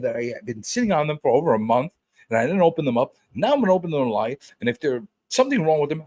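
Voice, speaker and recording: A man's voice: a little high, no echo. A man hosting a live stream in casual chat, rambling and repeating his words as he greets viewers by name.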